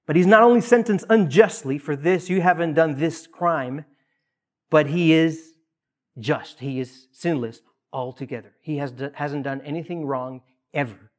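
A man preaching a sermon in an earnest way. He swings between loud emphasis and hushed, quiet asides. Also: on the high side, normal speed. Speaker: pastor.

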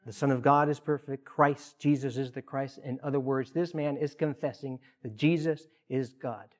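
A male pastor delivers a sermon in an ordinary mid-pitched voice. His delivery is earnest. He leans hard on emphasis, then falls back to hushed, quiet lines. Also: fairly even intonation, normal speed. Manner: earnest preaching, swinging between loud emphasis and hushed asides.

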